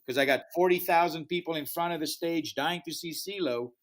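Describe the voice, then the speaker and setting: A man whose first language is not English tells a story in a podcast interview. He acts out the dialogue as he goes, and his voice sits on the higher side. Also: a little fast. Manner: animated storyteller acting out dialogue. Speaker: music festival founder, guest.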